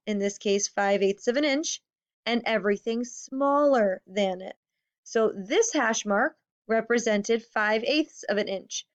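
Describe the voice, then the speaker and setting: A fairly high-voiced woman teacher walks fifth graders through a math lesson. She talks patiently, stresses key words and counts slowly. The audio sounds a little dull and lo-fi. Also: clear, resonant tone.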